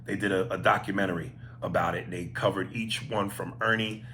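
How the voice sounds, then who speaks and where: A man hosting a casual podcast, reading listener emails aloud and cracking profane jokes between them. His voice sits low but carries a bright, forceful edge, with a faint noise behind. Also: steady tone, brisk. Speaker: podcast host.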